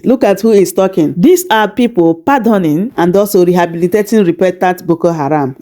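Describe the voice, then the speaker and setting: A woman's voice: fairly low pitch, a little fast, hardly any pauses. A woman hosting a news channel, giving commentary and reading a text aloud with short asides. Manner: steady, reads text with brief asides.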